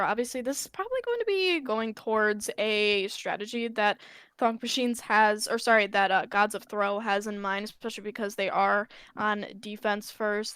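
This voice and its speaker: Female co-caster, slightly high, clear dry voice, relaxed with lots of fillers. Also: no echo. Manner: relaxed, filler-heavy analysis. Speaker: esports co-caster. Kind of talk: casual game commentary.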